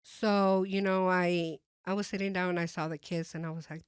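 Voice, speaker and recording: A woman sharing her personal testimony as a guest, speaking hesitantly with many fillers and restarts and softly re-enacting her own thoughts. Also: on the low side, steady tone, normal speed, clean tone, no echo, studio quality.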